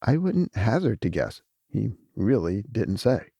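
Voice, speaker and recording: An unruffled, matter-of-fact elder brother among vast cosmic beings, as a man reads him in an audiobook. The voice is mellow and a little husky, with short, flat replies. Dry, close sound. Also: fairly low pitch, measured pace, no echo, heavily acted. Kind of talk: audiobook character voice.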